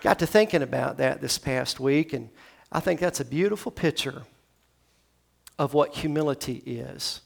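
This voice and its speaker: A Tennessee pastor preaches a sermon in a church sanctuary, his creaky voice moving at a moderate pace. He talks conversationally and acts out the scripture dialogue, shifting his pitch and loudness.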